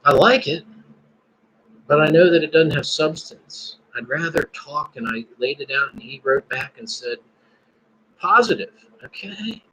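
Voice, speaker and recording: A man's voice: fairly high pitch, steady tone, normal speed, fairly bright tone, husky, rough recording. A man hosting a casual live stream, musing and praying aloud between his thoughts. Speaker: podcast host.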